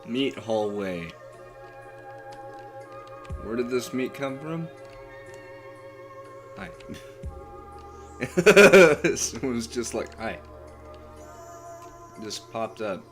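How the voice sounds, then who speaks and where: A man's voice: medium pitch, takes it slowly, pauses often, over music. A tired man casually commenting while he streams a game, rambling in mumbled asides to himself.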